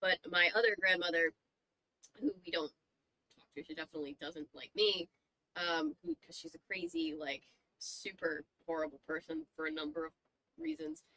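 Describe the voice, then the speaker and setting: Young female streamer, chatty reader, bright tone, dry mic. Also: fairly low pitch, animated, normal speed, gravelly, dry recording, poor audio. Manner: chatty, reacts to chat, swears casually. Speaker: streamer reading aloud. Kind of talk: casual book reading and chat.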